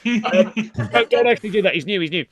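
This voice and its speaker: A man's voice: sits high, quick pace, a bit bright. A middle-aged man with a British accent hosting a live-streamed comedy podcast, chatty and giggly, often swearing as he greets viewers. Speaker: podcast host.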